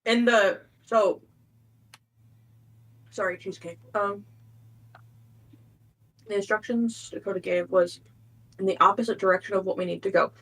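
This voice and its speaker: A woman takes part in a tabletop game, speaking casually and to the point. Her voice sits at an ordinary middle pitch. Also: steady tone, measured pace, pauses often, a bit bright, low-quality recording. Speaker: player.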